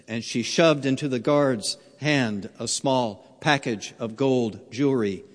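A man preaching a sermon as a pastor, telling a story slowly and earnestly, sometimes dropping to a near hush. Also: medium pitch. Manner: slow, earnest storytelling with wide swings in loudness. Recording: long hall reverb.

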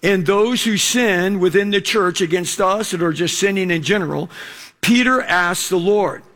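A middle-aged man preaching a sermon in a conversational way, with lots of fillers, slowing down to read scripture. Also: sits high, bright, forceful tone. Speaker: pastor.

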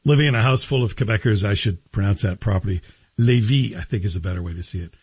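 A man hosting a talk radio show, delivering a sarcastic, joking monologue in a husky voice. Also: lowish voice, rapid-fire, a little mellow, dull audio.

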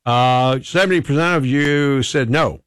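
A man's voice: mid-range voice, a little slow, fairly bright tone, clean tone, dry recording. Male radio host, casual and chatty, laughs a lot, dry close mic. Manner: chatty, laughs often, reads listener texts. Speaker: radio morning show host.

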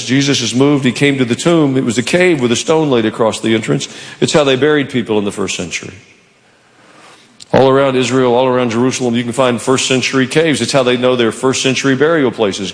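A man's voice: mid-range voice, brisk, long reverb tail. A man preaching a sermon in church, telling a story with animation and acting out the quoted lines. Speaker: pastor.

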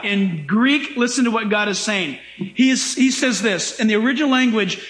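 A male pastor giving a sermon in an animated, emphatic style, with dramatic asides, in a church sanctuary. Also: extremely high pitch, moderate pace. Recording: echoey room.

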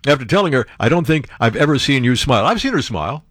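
A man reading news items and cutting in with sarcastic remarks, his voice swinging widely and jumping up high when he exclaims. The sound is dry and close, with little room around it. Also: quick pace, husky, no room sound. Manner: animated, sarcastic asides, jumps to high exclamations. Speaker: show host reading and commenting on news. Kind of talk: casual political commentary.

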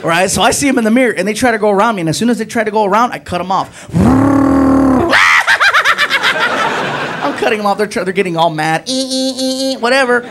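High-voiced, animated male stand-up comic. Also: very fast, few pauses, noisy background. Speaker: stand-up comedian. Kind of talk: stand-up storytelling.

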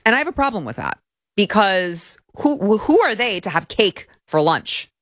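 A woman's voice: mid-range voice, sing-song, moderate pace, dry recording, studio quality. A woman hosting a political commentary show, speaking in a sarcastic, indignant tone. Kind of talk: opinionated commentary.

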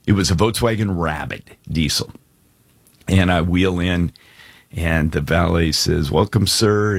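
Middle aged guy hosting christian radio, real deep husky voice, tells stories all lively, dry studio sound. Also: no echo. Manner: animated storyteller, laughs often, does voices in quotes. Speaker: radio show host and speaker. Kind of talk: storytelling and devotional radio talk.

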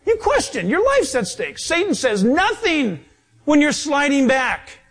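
A man preaching a sermon in a lively, animated way, acting out voices as he goes. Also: very high voice, unhurried. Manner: animated, acts out voices and quotes.

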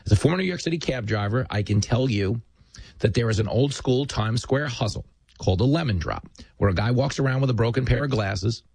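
Husky male host for a political monologue: emphatic, sardonic, dry studio sound. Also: mid-range voice, expressive, fairly quick, a little mellow, no echo. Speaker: talk show host.

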